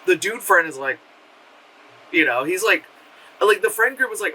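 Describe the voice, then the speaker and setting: High, bright-voiced rambling movie reviewer man. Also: moderate pace, long pauses, recorded from a distance, a little hiss or hum, poor audio. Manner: rambling and animated, heavy on "like", swears freely. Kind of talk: casual spoken film review.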